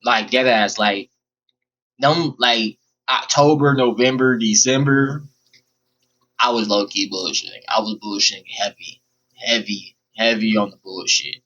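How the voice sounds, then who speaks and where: A man's voice: fairly low pitch, unhurried, sharp tone, dull audio. A young man rambling bluntly and profanely through a personal storytime vlog. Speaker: vlogger. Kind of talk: casual storytime monologue.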